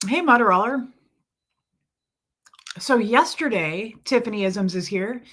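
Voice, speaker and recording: Woman livestream host, hoarse from a cold, bright edge to the voice, chatty, greets viewers by name. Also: fairly high pitch, animated, a little slow. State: hoarse from illness. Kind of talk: casual livestream chat.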